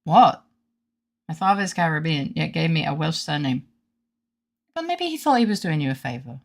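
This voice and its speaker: A woman with a low, very animated voice talks fairly quickly while streaming a game. She jokes casually with her chat and reads game lines aloud between giggles, in the style of laid-back gaming stream commentary.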